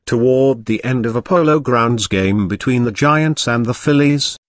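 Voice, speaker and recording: A man reading a history audiobook aloud in a measured, even narration. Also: mid-range voice, no room sound, studio quality.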